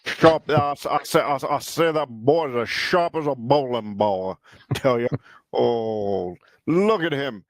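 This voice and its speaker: A loud, blustering Southern rooster from an old cartoon, as a man on a podcast puts him on. He stammers and repeats himself, voice pushed up higher and louder than normal, and the recording is dry and close. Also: animated, measured pace, no room sound. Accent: Southern US put-on.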